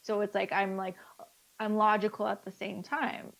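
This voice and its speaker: A woman speaking as a life coach guest in a casual interview, lively and acting out the dialogue she quotes. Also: mid-range voice, normal speed, creaky.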